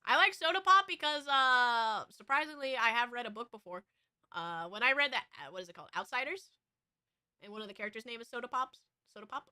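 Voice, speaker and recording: A woman's voice: on the high side, expressive, fairly quick, pushed and bright, smooth, no echo, studio quality. A woman streamer with an American West Coast accent, chatting casually and rambling. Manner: rambling, with frequent fillers and restarts. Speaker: VTuber streamer. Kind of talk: casual chat.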